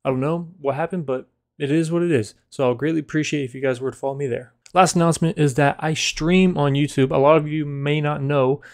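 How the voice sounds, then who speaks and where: A man's voice: fairly high pitch, steady tone, fairly quick, few pauses, a little mellow. A man, an online video creator, making upbeat announcements straight to camera before his video. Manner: upbeat, promotional.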